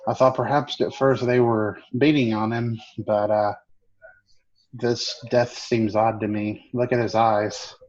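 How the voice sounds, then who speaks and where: A man's voice: on the low side, level tone, a little slow, darkish tone, dull audio, natural voice. Man playing a shrewd woman smuggler. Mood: calm. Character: shrewd adult woman smuggler feigning innocence.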